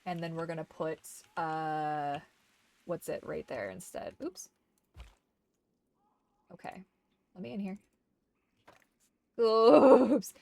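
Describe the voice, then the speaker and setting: A woman's voice: fairly low pitch, slow, creaky, long pauses, a little mellow, no echo. Woman streamer cooing at her dog. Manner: doting baby talk to her dog between game remarks. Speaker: gaming streamer. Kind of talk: casual gameplay chat.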